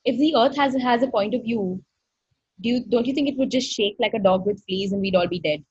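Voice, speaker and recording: Woman, husky voice, effusive and earnest, online workshop, dull dry video-call sound. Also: a little high, brisk, a little mellow, no room sound. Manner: effusive, earnest, quotes dialogue animatedly. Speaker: workshop facilitator.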